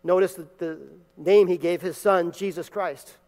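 Brief: male pastor, emphatic sermon delivery, high voice, long church reverb. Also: fairly even intonation, normal speed. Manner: emphatic, building to loud peaks. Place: church sanctuary.

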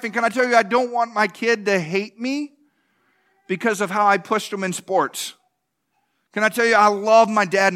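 Male pastor, 30s, high voice, folksy preaching full of rhetorical questions. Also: fairly bright tone. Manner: conversational, repeats "can I tell you", restarts. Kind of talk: sermon.

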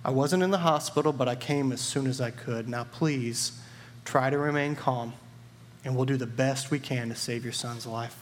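A man voicing a calm, weary male doctor who speaks quietly and gently. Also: mid-range voice, moderate pace, in a large hall, a little hiss or hum, close to an everyday voice.

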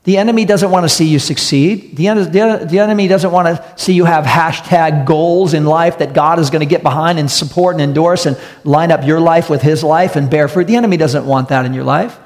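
A man's voice: on the high side, a little fast, few pauses, a little mellow. A man preaching a sermon to a congregation, earnest and storytelling, repeating key phrases for emphasis. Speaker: pastor. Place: church hall with audience. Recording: long hall reverb.

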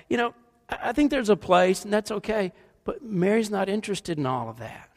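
High-voiced preacher in a reverberant hall. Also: male voice, fairly quick. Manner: animated storytelling, shifts between loud and hushed. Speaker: pastor. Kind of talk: sermon.

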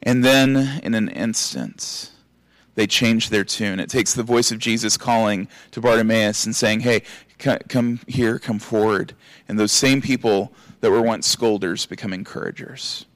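A man preaching to a congregation, animated and acting out voices from a Bible story. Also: lowish voice, moderate pace, no room sound. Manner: animated, acts out scolding and encouraging voices. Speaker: pastor. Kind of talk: sermon.

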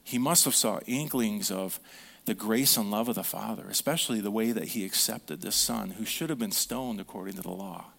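A man preaching a sermon as a pastor. He tells stories in a conversational way, asks the audience questions and drops to a hushed tone on key points. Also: lowish voice, normal speed, gravelly.

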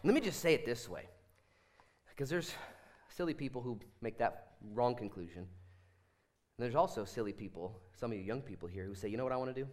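Male pastor in his thirties, sermon delivery, animated with sudden loud bursts and hushed asides, middle pitch. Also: moderate pace. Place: church sanctuary.

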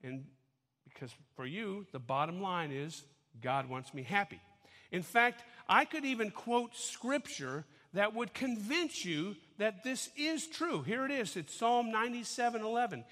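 A man's voice: high-pitched, big pitch swings, unhurried, sharp tone, long reverb tail. A man preaching a sermon in a conversational way, often checking that his listeners follow him. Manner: conversational preaching, asks audience to follow along. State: out of breath after dancing. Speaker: pastor.

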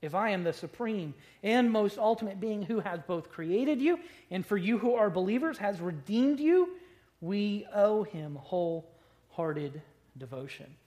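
A man preaching a sermon, conversational with rhetorical questions, swinging between loud stressed words and quiet asides. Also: high voice, animated, unhurried. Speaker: pastor.

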